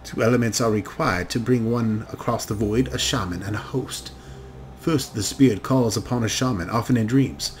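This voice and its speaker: A man's voice: fairly low pitch, normal speed, a little hiss or hum, natural voice. A man doing a sardonic painted elf. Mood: lecturing. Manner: wry, lecturing.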